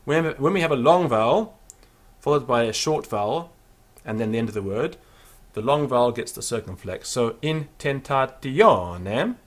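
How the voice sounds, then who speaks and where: A man giving a Latin pronunciation lesson, chanting each phrase slowly and then explaining the sounds. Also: mid-range voice, lively intonation. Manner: slow, deliberate, sings out each Latin word then explains. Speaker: Latin teacher.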